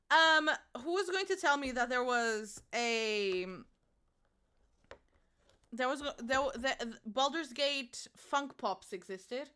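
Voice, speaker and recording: A woman's voice: high voice, expressive, takes it slowly, sharp tone, clear, resonant tone. A young woman streaming from her home, chatting casually and playfully with her chat and swearing freely.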